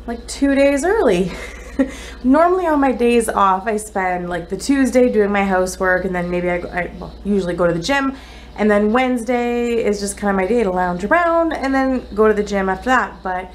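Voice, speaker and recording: A young woman chatting casually in a home vlog, exasperated, swinging between flat mutters and shrill outbursts. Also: a little hiss or hum. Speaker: vlogger. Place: home, indoors.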